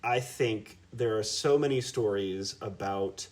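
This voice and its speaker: A man in his thirties from Middle America, a guest in a casual podcast interview, who talks with animated, playful emphasis and laughs often. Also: on the low side, slow pace. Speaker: podcast guest, endurance athlete.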